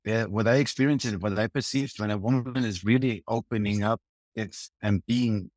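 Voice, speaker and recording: A man, a tantra and yoga teacher who speaks haltingly, restarts phrases and searches for words, then guides a meditation. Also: on the low side, no room sound.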